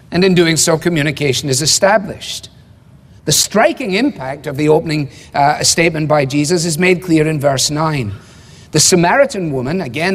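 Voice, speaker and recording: Man preaching in a reverberant hall. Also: fairly high pitch. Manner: measured, emphatic teaching with rhetorical questions. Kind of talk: expository sermon.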